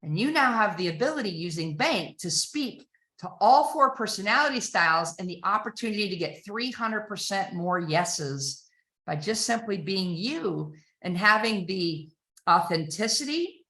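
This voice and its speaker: A woman delivers a sales training with a bright, forceful voice and an emphatic, persuasive push. She keeps firing rhetorical questions at her listeners. The room around her rings with a roomy echo. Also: medium pitch, animated, moderate pace. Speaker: sales trainer and company founder. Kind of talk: energetic sales training talk.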